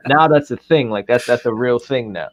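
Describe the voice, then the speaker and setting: A man's voice: mid-range voice, normal speed. A man co-hosting a casual live chat, telling rambling stories and laughing often. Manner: loose, joking storyteller, laughs often. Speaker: co-host.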